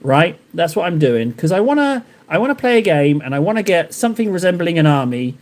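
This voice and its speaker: A man's voice: a little high, very animated, a little fast. A man chatting casually on a live stream while painting miniatures, rambling and joking in reply to his viewers. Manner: rambling, joking replies to chat.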